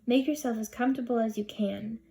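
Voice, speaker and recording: A woman voicing a soothing hypnotist who drawls in a low, husky voice. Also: fairly even intonation, brisk, dark tone.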